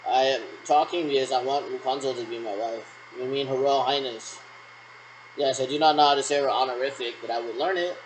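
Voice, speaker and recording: A man's voice: medium pitch, steady tone, brisk, slight background noise, low-quality recording. A man rambling through pretend radio checks on his own, ending turns with "over". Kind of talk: solo role-played radio checks.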